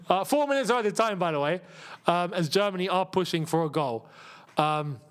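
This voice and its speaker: A man hosting a live football watchalong, chatty and excitable and laughing often. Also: high-pitched, smooth. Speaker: host.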